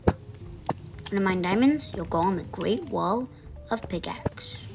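A woman's voice: medium pitch, animated, unhurried, vocal fry. A woman streamer chatting casually to herself as she plays, sometimes singing and muttering under her breath. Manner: chatty, sings and mutters to herself while playing. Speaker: gameplay streamer. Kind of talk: casual let's-play commentary. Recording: background music under the voice.

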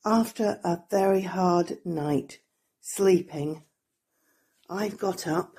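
Woman vlogger, middle-aged, slow husky delivery, sing-song baby talk to her pet. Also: on the low side. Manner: coos in excited baby talk to her dog. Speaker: dog owner filming her pet. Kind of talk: casual vlog narration.

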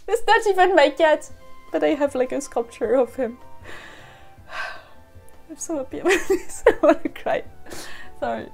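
A French woman with a French accent chatting excitedly to herself during a casual live stream, slipping between English and French. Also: sits high. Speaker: costume maker streaming live. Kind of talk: casual live-stream chat while unboxing.

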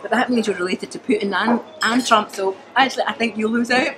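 A woman's voice: fairly high pitch, a little fast, background noise. A middle-aged woman with a Glaswegian accent, chatting casually as a comedian guest and acting out the people in her stories. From Scotland. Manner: animated storyteller, acts out quoted voices. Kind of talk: casual chat.

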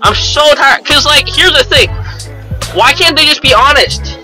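Young guy venting, super high and really bright voice, swears a lot and rambles, faint music behind. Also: animated, a little slow, rough recording. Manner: rambling, profane, repeats "you know what I mean". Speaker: vlogger. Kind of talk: casual rant to camera.

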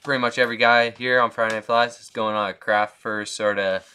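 A man with a very bright, crisp voice walks through tying a fly in a relaxed, chatty way. He talks with plenty of ums and easy laughter, like a casual demonstration among friends. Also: mid-range voice, fairly quick. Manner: easygoing, laughs often, lots of ums and restarts. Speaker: fly tier demonstrating a pattern.

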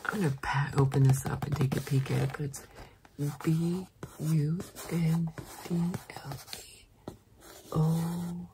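A deep-toned woman drifts between breathy whispers and hushed, drawn-out speech as she opens her mail for ASMR. Her words come slow and gentle, close and intimate. A steady hiss sits under the recording. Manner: soft, alternating whisper and quiet speech. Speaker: ASMR creator.

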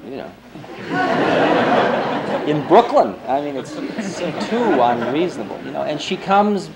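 A man's voice: fairly high pitch, big pitch swings, measured pace, vocal fry, a loud crowd, very noisy. A man in his forties, a spiritual teacher giving a lecture, telling a story in a loose, conversational way full of "you know" and "I mean". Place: lecture before an audience.

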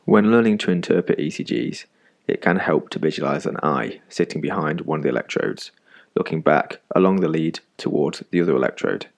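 A man narrating an animated medical lesson in a calm, measured, scripted voice-over, recorded close on a studio mic. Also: very deep voice, vocal fry. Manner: calm, measured explanatory delivery.

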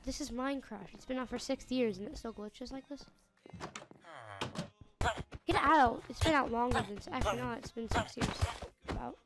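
A woman giving casual gameplay commentary, chatting as she plays and yelling at the in-game animals and villagers. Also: a little high, fast, background noise. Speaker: gamer.

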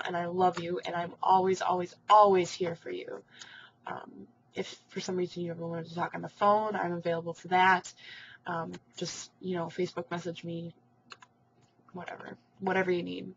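Teen girl vlogger, lower pitch, chatty and caring, dull lo-fi webcam recording. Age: teens. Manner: rambling, sympathetic, many ums and likes. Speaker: vlogger in an online support group. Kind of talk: casual video reply to group members. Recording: dull lo-fi webcam audio with faint hiss.

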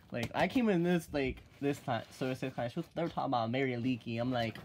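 A teenage boy vlogs in a loose, rambling way, with a middle pitch that sits about where most young guys talk. He swears and fills every gap with "like" and "freaking", then jumps into loud, squeaky exclaims to mock things. Faint noise hums behind him. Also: lively intonation, fast, few pauses. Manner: swings into loud high exclaims when mocking. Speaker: vlogger. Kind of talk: casual vlog chat.

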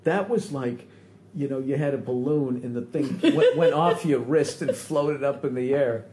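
A man's voice: medium pitch, normal speed, mellow. A man hosting a podcast in casual banter, teasing, swearing a lot, and stammering when caught off guard. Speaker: podcast host. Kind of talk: casual banter with his wife. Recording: roomy with faint ambient noise.

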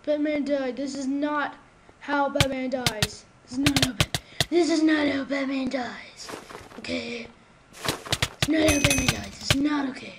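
A high-pitched woman talks through her gameplay at an unhurried pace, excitable and quick to loudly protest when she loses. Her voice comes through a home microphone with a clear background hiss. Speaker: gamer. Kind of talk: casual gameplay commentary. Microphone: new desktop microphone.

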